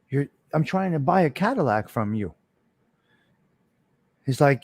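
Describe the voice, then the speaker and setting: A man's voice: medium pitch, animated, measured pace, pauses often, dry recording. A middle-aged man, hosting a casual live stream and telling rambling, repetitive stories, cursing freely and answering viewers by name.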